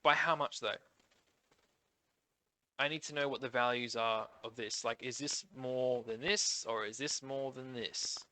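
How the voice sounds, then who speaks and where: Nasal Australian man, bright voice. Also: medium pitch, smooth. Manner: chatty, rambling, thinks aloud. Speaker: gaming YouTuber. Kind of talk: casual commentary on update notes.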